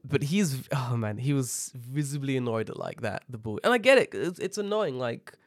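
A man's voice: mid-range voice, normal speed, dry recording. Give me a man chatting on a podcast, swearing and telling stories, in a dry room. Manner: rambling, swears a lot, animated storytelling. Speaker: podcast co-host. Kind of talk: casual chat.

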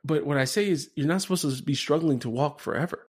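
A man's voice: fairly high pitch, fast talker, slightly rough. A man hosting a Catholic reflection podcast, talking casually and conversationally, often tagging his points with "right?". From Denver area, USA. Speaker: podcast host.

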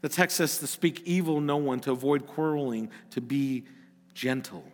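A man's voice: medium pitch, moderate pace, in a large hall. A middle-aged male pastor preaching a sermon, earnest and at times rising to emphatic exhortation.

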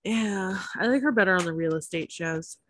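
A woman podcast co-host in casual chat, talking fast with swearing and animated asides. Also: medium pitch, a little hiss or hum. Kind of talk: casual chat about reality TV.

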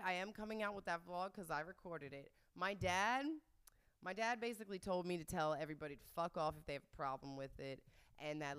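A woman's voice: fairly low pitch, pushed and bright, clean tone. A young woman vlogger telling a story casually, rambling with lots of fillers and swearing. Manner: rambling, profane, heavy filler words. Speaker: vlogger answering viewer questions.

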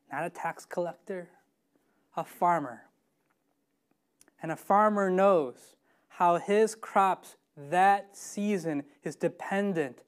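Woman, preacher, sermon, emphatic, questioning, unhurried delivery. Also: mid-range voice, darkish tone. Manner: emphatic, asks the congregation questions.

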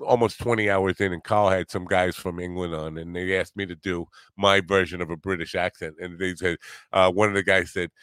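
A man's voice: sits low, fairly even intonation, a little fast, fairly bright tone, clean tone, dry recording. Podcast host guy rambling, laughs a lot, swears some, dry close mic. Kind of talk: casual chat.

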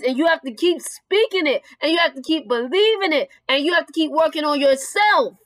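A woman preaches an earnest sermon in a high, bright register, speaking. She reads scripture and speaks directly to singles. The sound is dry and close, with no room echo. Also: animated, a little fast, few pauses.

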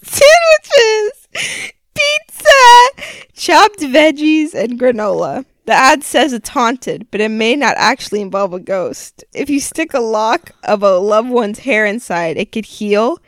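A woman's voice: medium pitch, animated, moderate pace, few pauses, no echo. A woman co-hosting a casual podcast, giggling and swearing as she reads out item listings. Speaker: podcast co-host.

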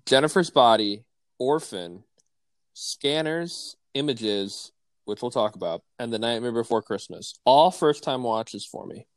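A man from the Midwest co-hosting a podcast in casual chat, relaxed and rambling with lots of "like". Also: mid-range voice, unhurried, no echo. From American Midwest. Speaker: podcast co-host.

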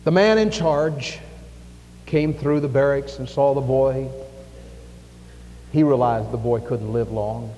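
A man preaching a sermon in a church, emphatic, with dramatic pauses and big swings in volume. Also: medium pitch, dark tone. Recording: echoey hall with faint music.

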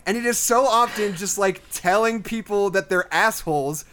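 A man's voice: high voice, normal speed, fairly bright tone, a little hiss or hum. A man co-hosting a casual chat, rambling and grumbling through his complaints with many fillers.

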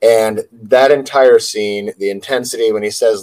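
A man's voice: on the low side, steady tone, moderate pace, darkish tone, low-quality recording. A man co-hosting a casual film podcast, speaking earnestly and often restarting his sentences. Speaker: podcast co-host. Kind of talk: casual movie discussion.

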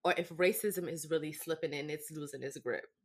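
A young adult woman co-hosting a podcast, telling stories in a lively, profane, casual way and often asking "right?". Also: low voice, fairly quick, husky. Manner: animated, profane storytelling with lots of "right?". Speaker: podcast co-host. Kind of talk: casual chat.

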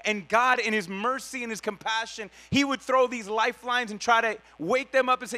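Guy preaching real casual, high voice, slangy, keeps fixing his words midway. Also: fairly even intonation, moderate pace, few pauses, pushed and bright. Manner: slangy, conversational, with self-corrections. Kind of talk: casual Bible teaching.

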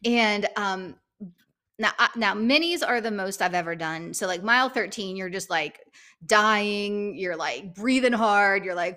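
A middle-aged woman co-hosting a podcast, telling a story in a casual chat and acting out the quotes with big jumps in pitch. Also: normal speed, pushed and bright. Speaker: podcast co-host.

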